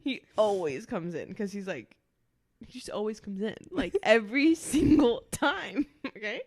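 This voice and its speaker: A young woman co-hosting a podcast in casual chat, expressive and jokey, laughing often. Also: medium pitch, unhurried. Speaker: podcast co-host.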